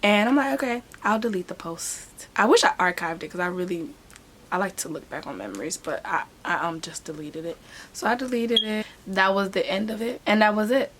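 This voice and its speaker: A woman hair braider telling a story in a casual, animated vlog. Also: mid-range voice, a little fast, a little hiss or hum. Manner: animated storytelling, talks with hands.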